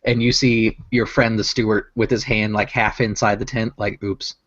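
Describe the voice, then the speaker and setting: A man narrating as game master of a tabletop game, relaxed and halting, with many fillers. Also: lowish voice, no echo, muffled recording.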